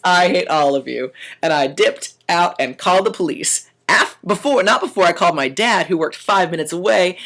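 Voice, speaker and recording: A man's voice: high voice, vocal fry, fairly bright tone. A young man vlogging, telling a story in a dramatic, profane way and acting out quoted lines. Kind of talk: animated storytelling.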